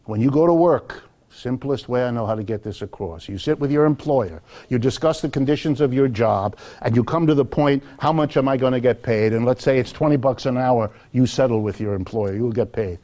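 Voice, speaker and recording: Man, professor, public lecture, storytelling delivery, mid-pitched voice. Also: fairly quick. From United States. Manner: animated storytelling, addresses audience directly. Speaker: economics professor.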